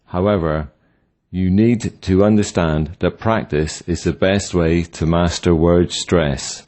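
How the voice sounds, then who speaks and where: A man reading a scripted language lesson in a slow, deliberate, instructional way. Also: sits low, fairly even intonation, a little mellow. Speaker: language teacher. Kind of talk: scripted narration.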